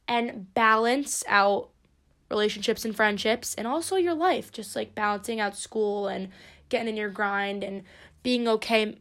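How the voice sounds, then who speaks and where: High-voiced young woman, profane podcast host. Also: fairly bright tone. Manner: profane, rambling, playful and chatty. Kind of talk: casual solo podcast monologue.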